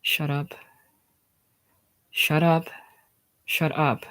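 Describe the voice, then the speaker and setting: A worn-out eighteen-year-old mother, voiced by a reader, wavering between pleading, shouting and broken whispers. It is a casual screenplay reading, not a staged production. The voice sits at an ordinary middle pitch. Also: normal speed, lightly acted. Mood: frantic.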